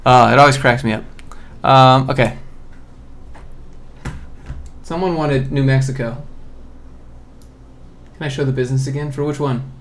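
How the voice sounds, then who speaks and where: A man's voice: medium pitch, fairly even intonation, a little slow, pauses often, a bit bright, slight background noise. A man on a casual live stream who reads job listings aloud and riffs on them in a blunt, joking way. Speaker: streamer reviewing job postings.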